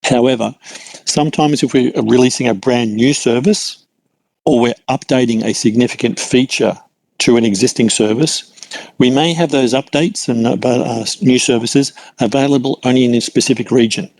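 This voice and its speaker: A man's voice: mid-range voice, normal speed, creaky, a little mellow, no echo, poor audio. A middle-aged Australian man giving a conversational cloud computing lecture, with many fillers and restarts. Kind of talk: lecture with work anecdotes.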